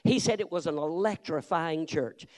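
A man's voice: on the high side, moderate pace. A man preaching a sermon, telling stories with punch and calling out amens. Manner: lively, punchy storytelling with shouted amens. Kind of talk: sermon with storytelling.

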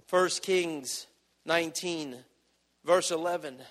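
A man preaching a sermon with passion, swinging from loud, pleading prayers to quiet, intimate asides. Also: on the high side, slow, in a large hall. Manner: impassioned, rising and dropping in volume, acting out prayers.

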